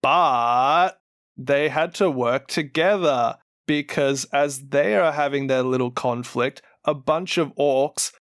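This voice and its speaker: Man co-host, unhurried lore storyteller, animated and laughing, dry close mic. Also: medium pitch, smooth, no echo. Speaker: podcast co-host. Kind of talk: casual lore chat.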